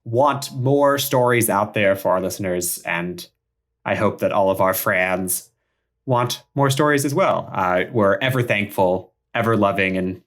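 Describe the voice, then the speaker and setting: A man's voice: lowish voice, a little slow, a bit bright. A man co-hosting a podcast in casual chat, dry and teasing with a mock-formal touch. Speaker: podcast co-host.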